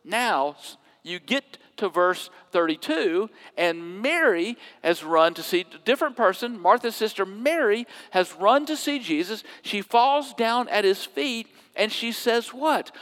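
A man preaching a sermon, swinging from loud emphatic quotes to hushed near-whispers. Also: high-pitched, lively intonation, unhurried, hardly any pauses, in a large hall. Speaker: pastor.

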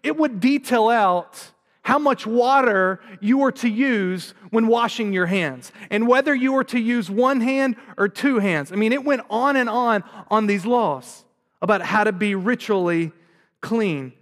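A man's voice: sits high, a little slow, a bit bright, big-room sound. A man in his thirties preaching a sermon, earnest and asking rhetorical questions. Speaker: pastor.

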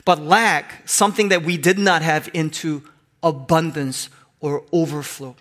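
A man's voice: on the high side, fairly even intonation, unhurried, a bit bright. A male pastor preaching a sermon, telling funny stories and acting out little voices. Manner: playful, acts out voices in anecdotes. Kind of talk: sermon with humorous storytelling.

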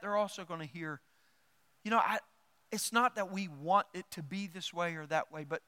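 A middle-aged man, a pastor, preaching a sermon, animated and emphatic, repeating words as he builds his point. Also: high voice. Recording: long hall reverb.

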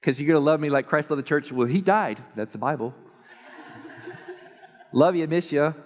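A male pastor preaching a sermon in an animated, joking way, often mimicking others in a high voice. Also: normal speed. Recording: long hall reverb.

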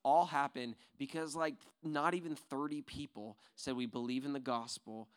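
A man leading a church group, who tells an excited testimony and then rallies the group with encouragement. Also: medium pitch, moderate pace, clean tone. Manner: excited storyteller, builds to rallying encouragement. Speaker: ministry leader. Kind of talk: testimony and exhortation.

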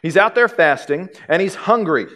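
A male pastor delivers a sermon in a relaxed, conversational manner, slipping in dry jokes as he goes. His voice sits a little higher than most men's. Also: moderate pace.

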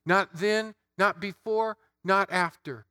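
Male preacher, Easter sermon, emphatic repetition, high voice, dry sound. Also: takes it slowly, sharp tone, dry recording. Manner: emphatic, rising and falling with repeated phrases.

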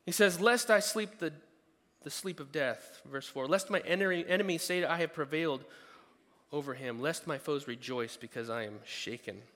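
A man's voice: fairly high pitch, normal speed, a bit bright. A man preaching a sermon as a pastor, earnest and conversational, with frequent restarts. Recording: long hall reverb.

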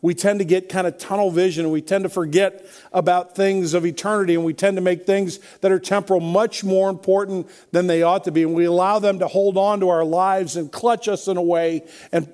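A man preaching a sermon, his voice sitting notably high for a man. He talks in a conversational, emphatic way, stacking repeated refrains as he builds his points. He sounds middle-aged. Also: a little mellow. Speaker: pastor.

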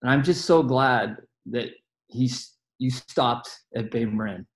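A man from a church community giving a heartfelt, halting farewell speech over a video call, pausing often with fillers. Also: medium pitch, poor audio. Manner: earnest, halting, with many pauses and fillers. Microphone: video call mic.

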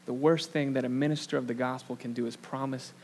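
A man's voice: mid-range voice, steady tone, fast, darkish tone, slight background noise. A young man preaching a sermon, telling a story in a casual, self-deprecating way with lots of fillers. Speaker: pastor. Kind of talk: sermon with a personal anecdote.

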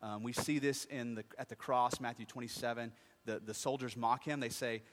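A man preaching a sermon, asking his congregation questions and answering them himself, moving between quiet asides and loud, impassioned stretches. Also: medium pitch, steady tone, normal speed. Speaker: pastor. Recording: long reverb of a large hall.

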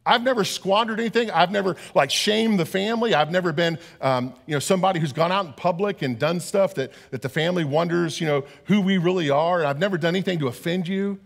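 An indignant older brother , as a preacher puts him on, pours out his grievances in a raised, strained voice. He sounds wounded and self-righteous, with his pitch climbing high above his usual talk. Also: fast, creaky, few pauses. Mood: aggrieved. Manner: aggrieved, indignant complaining. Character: resentful older brother, a grown man.

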